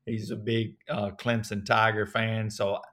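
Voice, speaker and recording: A man in his thirties from North Alabama with a strong Southern accent, a guest telling relaxed, folksy stories in an interview. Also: on the low side, a little slow. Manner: relaxed, folksy storytelling with many fillers. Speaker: actor guest. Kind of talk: casual interview.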